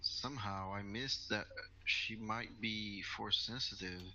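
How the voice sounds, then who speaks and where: A man playing a tabletop game, speaking in a calm, measured way. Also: on the low side. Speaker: player. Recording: muffled recording with faint noise.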